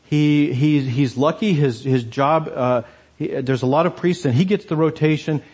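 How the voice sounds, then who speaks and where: Husky man preaching a sermon. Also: a little high, moderate pace, a little mellow. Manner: conversational, asks many rhetorical questions.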